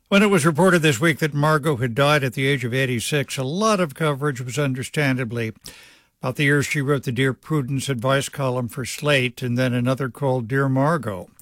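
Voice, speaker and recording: In a dry radio studio, a male news host reads a scripted essay into a studio microphone, telling it with wry, affection. His mid-range voice is a bit bright, with no room sound.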